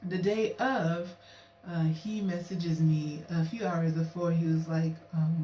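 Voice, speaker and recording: A young woman with a low, mellow voice tells a story to camera in a chatty, animated way, slipping into quoted lines. She sits a little way from the mic in a roomy, echoey space, with faint hiss behind her. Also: slow, far from the mic. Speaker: vlogger.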